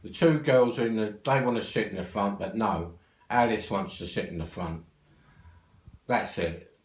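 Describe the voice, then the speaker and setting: An older man with a London accent tells a rambling family story, cheerfully swearing as he goes. His voice sits low and the room around him is echoey. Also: a little slow. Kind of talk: casual anecdote.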